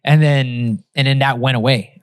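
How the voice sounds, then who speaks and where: A man's voice: medium pitch, fairly even intonation, normal speed, smooth, dry recording. A man guest on a podcast, telling a story in loose casual chat with lots of swearing and fillers.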